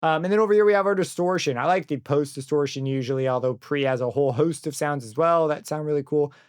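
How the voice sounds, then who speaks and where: A young man walking through a software synth plugin in a casual tutorial, thinking aloud and correcting himself as he goes. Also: on the high side, fast talker, clear, resonant tone, no room sound. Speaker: plugin reviewer. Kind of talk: screen-recorded software tutorial. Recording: dry close mic with synth music under it.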